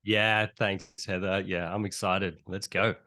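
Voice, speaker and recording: Easygoing man, lowish voice. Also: flat delivery, a little slow, bright, forceful tone. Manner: chatty storyteller, frequent "right?" tags, laughs often. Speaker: guest, web design agency owner. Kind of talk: casual interview chat.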